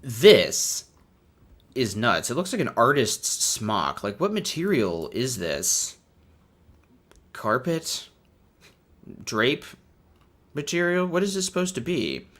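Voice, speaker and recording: A man's voice: mid-range voice, wildly swooping pitch, takes it slowly, pauses often, fairly bright tone. A man hosting a casual, irreverent comedic commentary, laughing often as he talks. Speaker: host.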